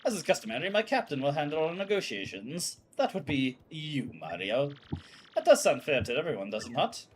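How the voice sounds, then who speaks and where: A man's voice: on the high side, very animated, brisk, slight background noise. A man voicing a pompous, flamboyant male ship owner who speaks in a grand, theatrical manner. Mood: grandiose.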